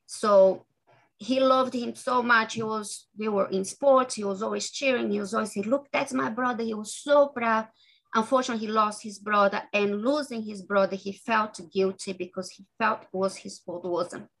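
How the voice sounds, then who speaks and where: A woman author talking earnestly as an interview guest, halting and restarting her sentences often. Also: mid-range voice, steady tone, vocal fry, a bit bright, low-quality recording. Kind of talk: podcast interview conversation.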